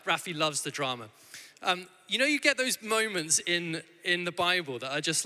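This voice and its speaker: A man in his thirties preaches with a very bright, forward voice that sits a little high. He talks in a loose, conversational way, often restarting his sentences. The sound carries a long church-hall reverb. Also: expressive, moderate pace. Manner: warm conversational storytelling with frequent restarts. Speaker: guest preacher. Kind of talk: sermon.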